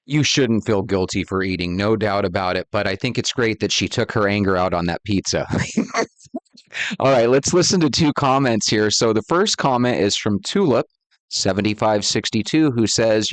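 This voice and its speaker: A man's voice: lowish voice, expressive, moderate pace, dry recording. A man hosting a talk channel, introducing clips and commenting in a friendly, conversational way. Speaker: host. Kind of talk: casual commentary.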